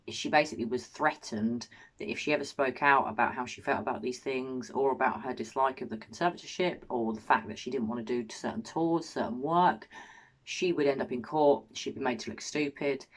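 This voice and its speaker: A woman's voice: rumbling low, a little fast. A woman hosting a commentary channel, reading a statement aloud and reacting with emotional indignation. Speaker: commentary host.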